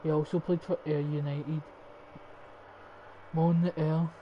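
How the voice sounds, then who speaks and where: A man's voice: fairly high pitch, level tone, measured pace. A young Scottish man giving casual, rambling, foul-mouthed commentary over a football game stream. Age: young adult. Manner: swears often, rambling and opinionated. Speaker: gaming streamer. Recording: dull lo-fi stream mic with faint hiss.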